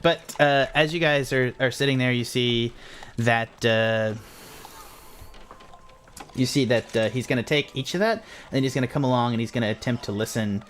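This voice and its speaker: A man narrating as game master in a relaxed, casual way, with many fillers. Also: mid-range voice, a little hiss or hum.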